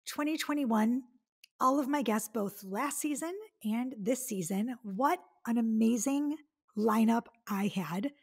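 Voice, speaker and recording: A Detroit-area woman in her forties hosts her own casual solo podcast, talking in a chatty, gushing way with lots of fillers while tearful. Her voice is on the high side, husky, and unhurried.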